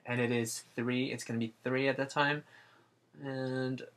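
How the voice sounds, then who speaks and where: His voice mid-range and a bit bright, this livestream artist speaks a little slowly and flatly. He rambles, jokes with viewers and narrates his own work while drawing live.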